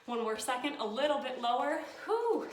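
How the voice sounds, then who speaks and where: A woman's voice: a little high, moderate pace, fairly bright tone, a little hiss or hum. A woman leading a home workout, upbeat and coaching, counting down each set, recorded by a camera set some distance away in an echoey room. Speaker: fitness instructor. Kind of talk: guided home workout instruction. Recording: echoey room, mic far from speaker.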